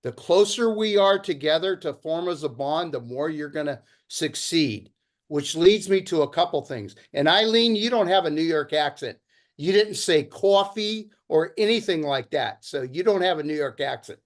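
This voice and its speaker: A man's voice: on the high side, expressive, moderate pace. A middle-aged man hosting a video-call meeting, speaking in an enthusiastic, motivational way. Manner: enthusiastic, pep-talk delivery. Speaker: meeting host.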